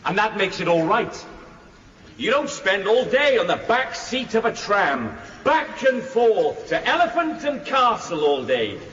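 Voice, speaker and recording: A bullying, scornful husband on a dull, echoey radio broadcast. He sits high and swings his lines about. The sound is roomy with a long tail. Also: sing-song, measured pace, a little hiss or hum, heavily acted. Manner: grumbling, scornful, rising to shouts. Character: surly working-class husband in a stage play, bullying. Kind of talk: 1950s-set radio comedy-drama.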